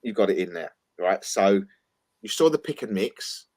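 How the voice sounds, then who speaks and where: A man's voice: lowish voice, expressive, normal speed, a little mellow. Eager man interpreting a dream. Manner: eager, interpreting, stumbles on words. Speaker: talk show co-host. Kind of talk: casual chat.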